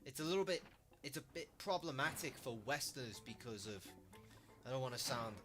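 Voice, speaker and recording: A man's voice: mid-range voice, animated, a little fast, music in the background. A Liverpool man in his late teens with a Scouse accent, telling rambling, sweary stories while live streaming. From Liverpool, England. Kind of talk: casual live-stream chat.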